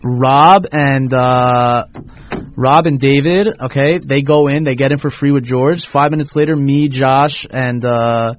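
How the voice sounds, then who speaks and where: A young man telling an animated, slangy story in casual chat. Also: medium pitch. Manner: animated storyteller, slangy, rushes when excited.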